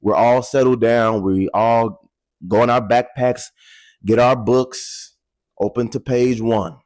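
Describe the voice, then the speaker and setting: Here a man in his twenties recounts a personal story to camera, open and animated, talking right to his audience and cursing casually. The voice is mid-range and slow, with no room sound.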